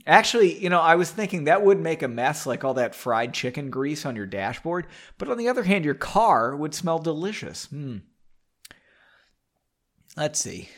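A playful, chatty man reads his own fantasy story aloud, breaking off for joking asides. His voice sits a little high and jumps around a lot in pitch. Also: sing-song, moderate pace. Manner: playful, chatty, self-mocking. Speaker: podcast host reading his own novel.

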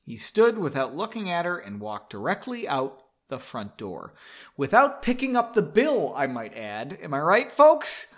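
A man's voice: medium pitch, wildly swooping pitch, a little slow, fairly bright tone. A man hosting a comedy show, reading a melodramatic story aloud and breaking off for sarcastic asides, recorded in a basement studio. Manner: sarcastic, mocking asides, drinking while reading.

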